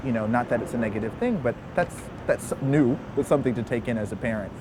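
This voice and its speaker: A young man from Memphis telling a personal story in a lively way, laughing often and acting out quotes. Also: mid-range voice, quick pace. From Memphis, Tennessee. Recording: outdoor recording with street noise.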